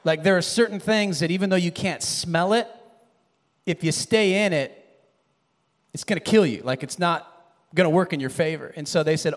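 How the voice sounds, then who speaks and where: A man preaching a sermon, animated, building to shouted emphasis and dropping low again. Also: moderate pace, long pauses, in a large hall.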